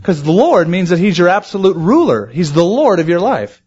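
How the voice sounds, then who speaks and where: Animated preaching man on a lo-fi recording. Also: sits high, moderate pace, husky. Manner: animated preaching, acting out quoted voices. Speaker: pastor. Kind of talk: sermon.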